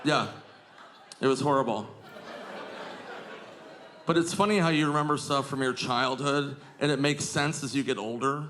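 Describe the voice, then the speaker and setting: A male stand-up comedian telling self-mocking stories on stage in a lively anecdotal way. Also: mid-range voice, normal speed, long pauses. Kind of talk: stand-up storytelling. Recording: live club recording with crowd noise. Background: audience laughter.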